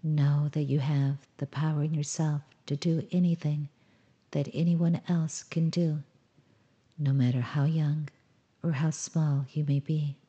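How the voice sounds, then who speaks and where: A woman reading a bedtime story in a soft, gentle way, talking to the listener as "sweet one.". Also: low voice, steady tone, a little slow, lo-fi sound.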